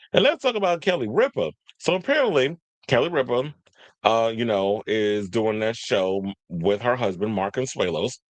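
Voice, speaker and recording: A man with a lowish voice hosts casual entertainment news, rambling in slangy talk and forgetting names. He reads stories aloud and chats back with his viewers. The sound is close and dry, with no room around it. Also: dry recording. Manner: rambling, slangy, loses his train of thought; talks to viewers and live chat.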